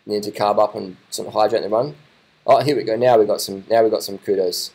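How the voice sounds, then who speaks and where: A man talks through footage in a loose, off-the-cuff reaction commentary. His voice sits a little low, and he gets excitable, repeating himself and swearing casually as he goes. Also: fast, vocal fry, husky, poor audio. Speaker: video commentator.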